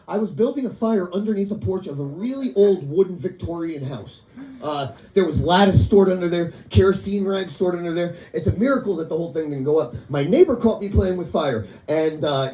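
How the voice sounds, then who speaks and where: A man performing a stand-up comedy set in a club, telling stories in a deadpan way and quoting the people in them. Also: a little high, fairly quick, echoey room, poor audio. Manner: deadpan storytelling with quoted voices.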